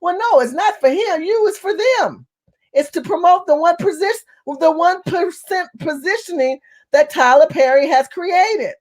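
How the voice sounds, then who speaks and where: A woman from California, an activist, giving an impassioned political monologue. She talks fast and forcefully and repeats phrases for emphasis. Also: very high voice, lively intonation. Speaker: community activist.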